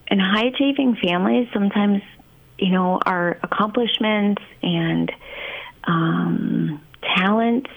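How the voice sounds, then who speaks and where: A woman speaking as a child therapist guest in a casual podcast conversation, thoughtful and unhurried, with many ums and you-knows. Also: mid-range voice, vocal fry, narrow, tinny audio.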